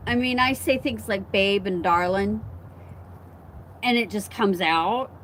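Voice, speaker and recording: Slow-talking woman, faint Southern Illinois twang. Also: medium pitch, a bit bright, a little hiss or hum. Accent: faint Southern Illinois, on certain words. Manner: chatty, storytelling, agreeable asides. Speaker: host chatting with viewers. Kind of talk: casual chat.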